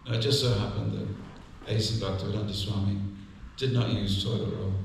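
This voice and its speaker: Low flat-voiced guy telling funny little stories in a temple class, far off mic, big echoey room. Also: moderate pace, gravelly, slight background noise. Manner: anecdotal, gently humorous. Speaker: visiting speaker giving a temple class. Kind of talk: devotional class with storytelling. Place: temple hall.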